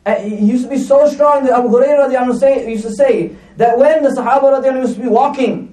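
A man's voice: extremely high pitch, very fast, warm tone. A man giving a conversational religious talk, telling stories with asides and fillers. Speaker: preacher. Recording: echoey room, mic at a distance.

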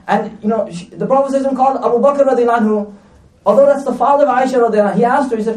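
A man's voice: very high-pitched, rapid-fire, a little mellow. A man giving a conversational religious talk, telling stories with asides and fillers. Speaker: preacher. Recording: echoey room, mic at a distance.

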